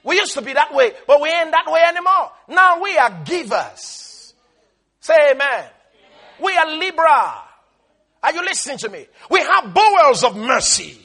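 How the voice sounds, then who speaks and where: A man's voice: very high-pitched, big pitch swings, moderate pace, sharp tone. A male preacher giving an emphatic sermon, calling on the listeners to respond and quoting scripture.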